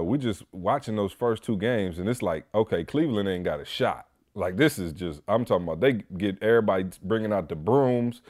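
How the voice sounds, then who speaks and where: Young guy hosting a chat show, slangy, jumps way up in pitch doing other people's voices. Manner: animated storyteller, mimics people in high-pitched voices. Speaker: podcast host. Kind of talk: casual chat.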